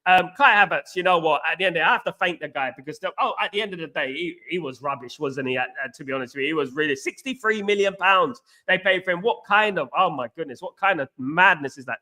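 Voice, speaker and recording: A Cockney man from East London hosts a live football reaction stream, his voice pitched high and ringing with a bright, sharp edge. He is excitable and chatty, shouting out viewers by name and leaning on the same stock phrases again and again. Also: fast talker, few pauses. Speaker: host of a football reaction livestream. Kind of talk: live reaction chat reading viewer comments.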